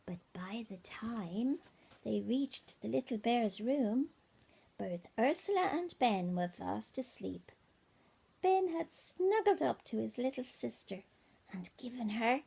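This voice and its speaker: On an iPad mini, a grandmother is heard reading a bedtime story from a tablet to her grandchildren at home; she's gentle, drops often to a whisper, and stops to ask them questions. Her voice is on the high side, animated and slow, gravelly with a breathy edge.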